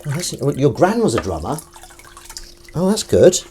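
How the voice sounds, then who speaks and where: Man, live stream host, casual rambling chat, jokey, animated intonation. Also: a little high, normal speed, slight background noise. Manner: rambling, jokey, self-deprecating. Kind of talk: casual chat reading viewer comments.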